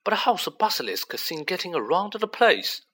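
Ron, a man doing a high, excitable teenage boy. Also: moderate pace, breathy edge, heavily acted. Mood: anxious. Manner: high, anxious, eager questions.

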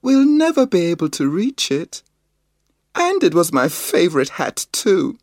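A man reading a storybook aloud, voicing an excitable young girl in a high, emphatic voice. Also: unhurried, dry recording, clean studio sound, full character voice. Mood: excited.

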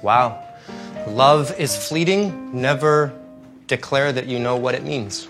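Playful man answering rapid questions. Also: mid-range voice, fairly bright tone, soft background music. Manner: playful, quick quips. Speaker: interview guest. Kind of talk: casual rapid-fire Q&A.

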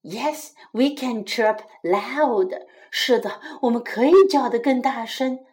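A woman's voice: fairly high pitch, slow, a little mellow. A woman doing a chirpy, puzzled storybook cricket. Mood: cheerful. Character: cheerful, hard-of-hearing little cricket.

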